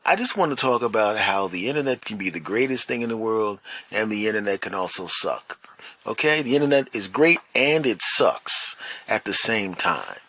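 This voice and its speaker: A middle-aged man hosting a solo podcast, telling stories in a rambling, animated way with self-mocking asides. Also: lowish voice, moderate pace. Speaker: podcast host.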